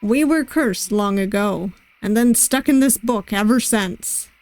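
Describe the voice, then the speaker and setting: A woman voicing a charming, flirty male pirate sailing master in a visual novel, with a gentle, reassuring manner and a loose attempt at a pirate accent. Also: mid-range voice, measured pace, dry recording, natural voice.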